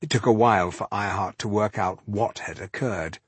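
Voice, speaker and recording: A man reading an audiobook in an even, measured narration. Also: on the low side, slightly rough, no echo.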